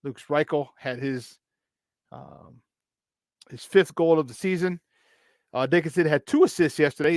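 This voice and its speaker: A man's voice: a little high, dry recording, clean studio sound. A man hosting a morning sports talk show, chatting casually and laughing often as he tells stories. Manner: animated storytelling, frequent laughter. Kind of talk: casual radio chat.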